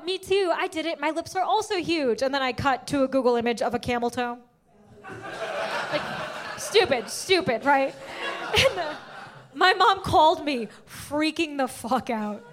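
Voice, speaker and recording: A young woman performing a stand-up set, telling stories in an animated way with sudden shouted outbursts. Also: high-pitched, normal speed, a crowd in the background. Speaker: stand-up comedian.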